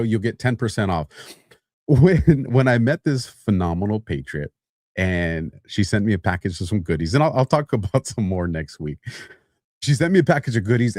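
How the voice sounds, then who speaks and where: A man hosting a podcast, telling a lively office story as a sponsor read, laughing often and building to mock outrage. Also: medium pitch, no room sound, studio quality. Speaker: podcast host.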